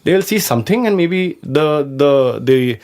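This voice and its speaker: A man with an Indian English accent, a guest artist telling stories in a casual interview, animated and mixing in Hindi phrases. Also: fairly high pitch, unhurried.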